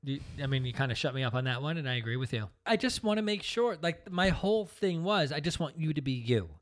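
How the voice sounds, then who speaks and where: A man's voice: on the high side, animated, fast talker. A man in a candid conversation with his wife, answering defensively and asking questions back. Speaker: husband, podcast co-host.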